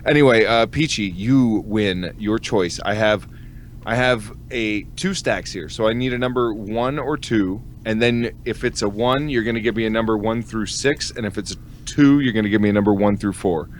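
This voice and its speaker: Low-voiced crude joking man. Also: moderate pace, slight background noise. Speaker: podcast host. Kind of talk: casual chat.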